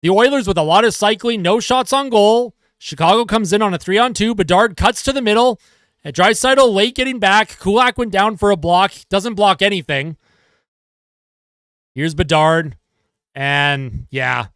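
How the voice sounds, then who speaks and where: A man doing live play-by-play as a fan of his team, calling the action quickly and growing exasperated and sarcastic at their mistakes. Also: sits high, fairly bright tone, clear, resonant tone, no echo, clean studio sound.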